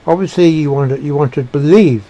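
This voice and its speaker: A man giving a reflective monologue, halting and searching for words with frequent restarts. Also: a little high, dark tone. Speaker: speaker sharing personal beliefs.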